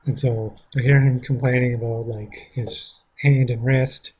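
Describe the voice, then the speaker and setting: A man's voice: mid-range voice, little pitch movement, unhurried, a little mellow, breathy edge. A man casually telling a story from his school days, rambling with frequent swearing. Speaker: vlogger.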